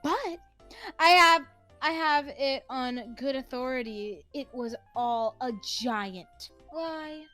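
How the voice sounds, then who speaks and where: A woman's voice: high voice, slow, bright, forceful tone, faint music behind, full character voice. A woman playing a scornful young prosecutor. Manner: cold, scornful, stumbles on words. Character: haughty young female prosecutor. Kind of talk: fan voice-over of a game.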